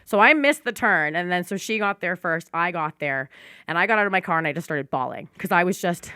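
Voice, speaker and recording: A woman hosting a podcast, telling a personal story in a heartfelt, animated way with casual swearing, close to tears. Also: lowish voice, brisk, smooth, no room sound. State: teary. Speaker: podcast host.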